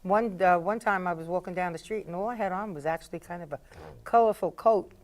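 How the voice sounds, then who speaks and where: A woman's voice: on the low side, fairly quick, darkish tone. A woman hosting a public-access TV talk show, chatting casually and telling rambling anecdotes to her guests. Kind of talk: casual studio chat.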